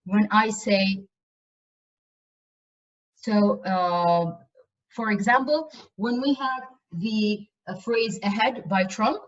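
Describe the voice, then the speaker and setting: A woman's voice: mid-range voice, slow, long pauses. Woman lecturing over a muffled video call. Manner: earnest, emphatic with frequent repetitions. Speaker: university lecturer. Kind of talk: online lecture.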